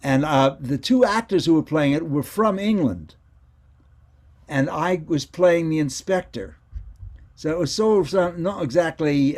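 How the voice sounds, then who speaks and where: A man's voice: fairly high pitch, moderate pace, darkish tone. An older man, a former child radio actor, telling meandering stories as an interview guest on a video call, often correcting himself. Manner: meandering, self-correcting storyteller. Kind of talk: casual reminiscing interview.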